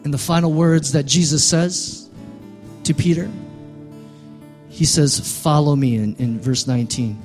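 A male pastor preaching a sermon, building to loud, emphatic peaks and dropping quiet again. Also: a little high, lively intonation, a little slow, pauses often, soft background music.

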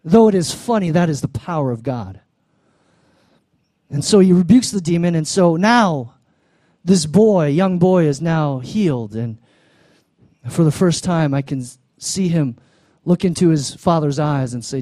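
A man with a fairly high voice preaches to his congregation. He is animated, acts out the people in his story and asks for an amen, and his voice sounds close and dry. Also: unhurried, no room sound. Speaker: pastor. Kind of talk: sermon.

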